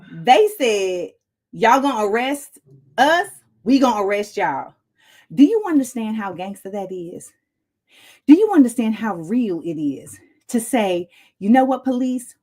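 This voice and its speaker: A woman's voice: medium pitch, husky. A woman hosting a comedic news commentary, out of breath and acting out quotes as she tells stories. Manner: animated storytelling with acted-out quotes. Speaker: host.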